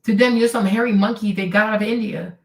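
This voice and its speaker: A woman's voice: medium pitch, steady tone, quick pace, recorded from a distance. Heated, sarcastic woman ranting in a roomy room. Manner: heated, sarcastic, profane, mimics others in quotes. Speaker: streamer host. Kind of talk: casual ranting commentary.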